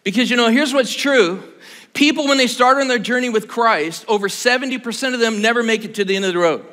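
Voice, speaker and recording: A man's voice: extremely high pitch, quick pace, sharp tone. A man in his sixties preaching a sermon, talking casually and joking with his audience. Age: 60s. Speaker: pastor. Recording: long hall reverb.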